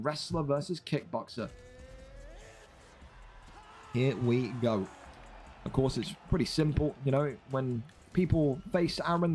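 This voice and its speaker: Stuffy-nosed man calling game fights. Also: a little high. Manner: energetic play-by-play, rising to shouts on big hits. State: stuffy blocked nose. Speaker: fight commentator. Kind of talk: video game fight play-by-play commentary.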